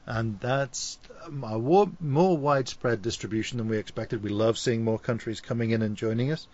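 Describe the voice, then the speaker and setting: A man's voice: mid-range voice, moderate pace, a little mellow, lo-fi sound. A man with a Liverpool Scouse accent, co-hosting a podcast in casual, joking chat. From Liverpool, England. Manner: joking, playful banter. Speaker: podcast co-host.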